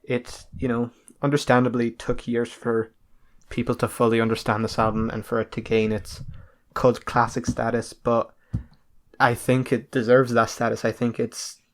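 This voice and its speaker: A man co-hosts a casual podcast, speaking in a flat monotone with little rise and fall. His tone stays level as he talks through his opinions. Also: mid-range voice, moderate pace. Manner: monotone delivery. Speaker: podcast co-host.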